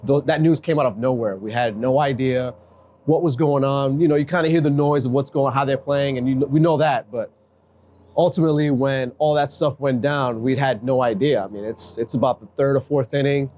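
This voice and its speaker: Animated man telling a story. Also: medium pitch, a little fast. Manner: animated, acts out quoted dialogue. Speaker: guest, acting baseball manager. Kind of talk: casual storytelling interview.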